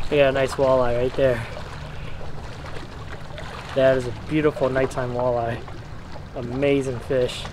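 A man vlogging while fishing outdoors, chatty and excitable, talking straight to his viewers. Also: medium pitch, moderate pace, long pauses. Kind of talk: casual outdoor vlog. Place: outdoors by the water at night in wind. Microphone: camera mic covered against wind. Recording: outdoor mic with loud wind noise.

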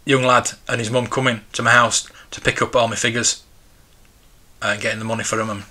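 Bright-voiced chatty man. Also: medium pitch, flat delivery, a little fast. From United Kingdom. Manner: chatty, rambling and nostalgic. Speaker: live-stream host. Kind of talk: casual live-stream chat, reading viewer comments.

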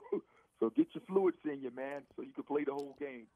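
Middle-aged ex-player on a phone line, tinny and dry, keeps repeating himself for emphasis. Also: male voice, mid-range voice, huge pitch swings, fairly quick, gravelly, no echo. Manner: repetitive, emphatic, restarts phrases. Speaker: former NFL receiver, radio guest. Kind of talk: casual sports radio talk.

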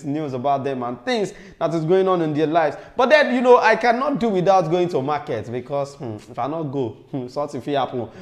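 A man with a Nigerian accent chats about celebrity news as host, his voice sitting a little high. He talks in a lively, animated way with Pidgin asides, and the sound rings in an echoey room. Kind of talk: casual gossip commentary.

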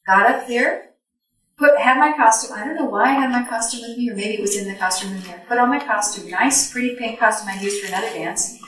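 Woman with a raised voice recalling old stories for a live audience, lively and laughing, heard from a distance in a big reverberant room. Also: fairly high pitch, a little hiss or hum. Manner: animated, laughing, acts out her own past thoughts. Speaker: speaker sharing recollections. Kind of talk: storytelling talk to an audience. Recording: echoey hall from far off.

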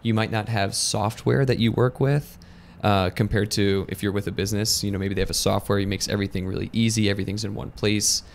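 A man's voice: on the low side, steady tone, brisk, gravelly, a little hiss or hum. A man with an American accent co-hosting a casual business discussion, explaining points step by step in a conversational way. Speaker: lending company co-host.

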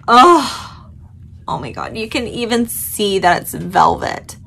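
Sleepy and yawning even after coffee, a woman vlogger excitedly unboxes a new plant, gushing dramatically and swearing casually. Her medium-pitched voice is sing-song and slow, pushed and bright, with vocal fry and a breathy edge.

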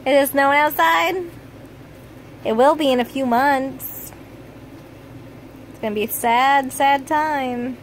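A woman filming her family at home, chatting with her kids in playful baby talk that turns quiet and tired late at night. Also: high-pitched, takes it slowly, long pauses, a little hiss or hum, rough recording. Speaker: mother and family vlogger. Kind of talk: casual home video chat.

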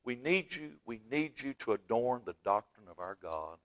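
A man preaching a fervent sermon in a church, swinging from loud exclaiming to hushed asides. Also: mid-range voice, big pitch swings, normal speed. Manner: fervent, swings from shouting to near-whisper. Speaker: pastor. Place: church sanctuary.

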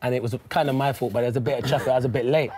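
Fast-talking laughing man. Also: medium pitch, steady tone, darkish tone. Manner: chatty, laughing storyteller. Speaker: former footballer guest. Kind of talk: casual studio chat. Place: studio.

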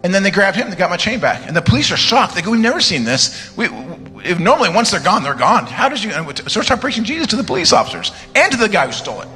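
A man preaching a live church sermon, telling stories with joking asides and sudden shouted commands. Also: high voice, very animated, quick pace, hardly any pauses. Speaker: guest preacher. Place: church sanctuary. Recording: live church sermon, reverberant hall, music underneath.

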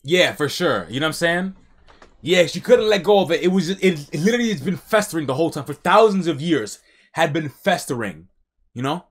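A man streaming a live reaction to a comic, reading along and breaking in with slangy, excitable commentary. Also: a little high, brisk. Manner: slangy, excitable, talks back at the story.

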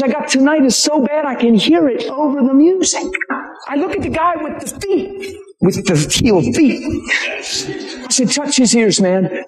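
A man preaching an animated sermon, telling stories and acting out the people in them, laughing often. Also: high voice. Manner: excitable, acts out quoted people, laughs often. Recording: roomy live venue recording.

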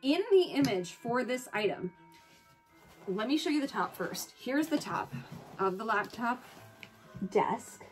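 Gushing, excitable woman with a higher voice. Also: a little slow, long pauses, soft background music. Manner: gushing and excitable, squealing over items; chatty with self-corrections and asides. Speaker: home and collectibles vlogger. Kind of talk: casual product haul chat.

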